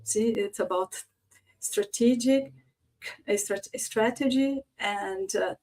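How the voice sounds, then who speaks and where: A conference speaker with a slightly high, gravelly, darkish voice presents online on voice and leadership. She leans heavily on fillers and demonstrates example phrases using different tones.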